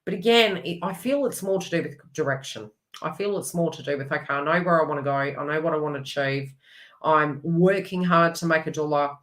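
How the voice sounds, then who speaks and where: A woman giving a chatty, rambling astrology reading with animated asides. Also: low-pitched, a little fast. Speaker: astrology reader. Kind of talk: casual astrology forecast.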